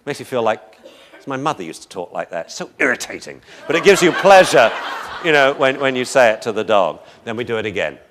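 A man, a dog trainer, giving a lively lecture as he comments on training footage. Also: medium pitch, a little fast, background noise. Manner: lively, animated, self-mocking.

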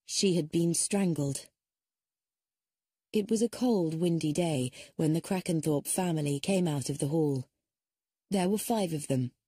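A woman's voice: warm tone, husky, dry recording, studio quality. A woman reading an audiobook aloud, narrating the story and shifting her voice for each character. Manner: shifts pitch to voice different characters.

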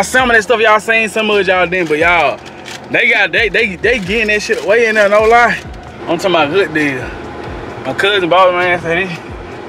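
A man, chatting casually to the camera as a family vlogger, telling stories to his viewers. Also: high voice. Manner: animated, laughing storyteller addressing viewers as y'all. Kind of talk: casual vlog chat to camera. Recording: noisy background.

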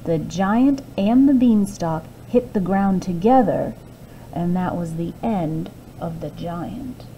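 A woman librarian reading a fairy tale aloud to children, expressive with hushed asides. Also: lowish voice, takes it slowly, dull audio, slight background noise.

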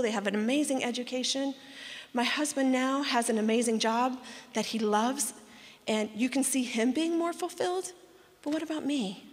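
A woman in her thirties giving an animated testimony talk to a conference audience, acting out the people in her story. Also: a little high. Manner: animated storyteller, acts out quoted voices. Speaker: speaker at women's conference. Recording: long hall reverb.

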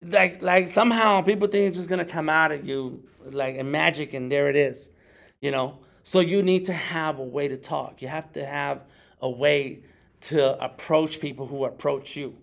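Middle-aged male artist, casual workshop host, raspy and slightly high, conversational with jokey impressions. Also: moderate pace, a bit bright. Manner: conversational, acts out others in high jokey voices. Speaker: working artist leading a meetup talk.

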